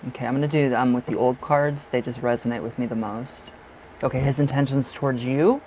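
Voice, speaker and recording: A man doing tarot readings on a live stream, chatting casually and warmly to viewers, calling them darling and love and laughing often. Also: medium pitch, fairly even intonation, brisk, slight background noise, poor audio. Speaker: livestream tarot reader.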